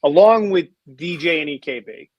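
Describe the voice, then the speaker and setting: Blunt, slightly high-voiced podcast guy. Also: lively intonation, moderate pace, dry recording, lo-fi sound. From raised by New Jersey people. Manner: blunt, emphatic, swears casually. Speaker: podcast co-host. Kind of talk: casual podcast chat.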